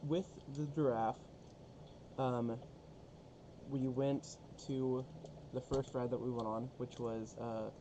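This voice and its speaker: A man's voice: mid-range voice, takes it slowly. Young man, casual profane vlog storyteller, noisy recording. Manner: profane, rambling, animated storytelling. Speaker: co-host telling a story.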